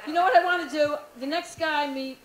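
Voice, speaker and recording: A woman's voice: high-pitched, steady tone, fast talker. A woman doing a stand-up comedy set, brash and frank, teasing the crowd. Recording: echoey club room, faint noise.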